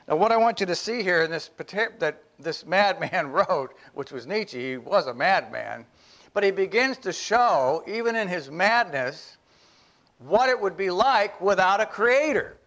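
Emphatic preacher man, fairly high voice. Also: animated, unhurried, a bit bright. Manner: earnest, emphatic, rises in pitch when reading. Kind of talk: sermon with read-aloud passage.

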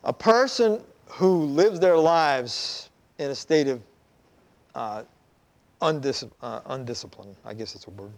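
Unhurried and mid-range in pitch, a male pastor brings a sermon story to life by imitating the voices of those involved.

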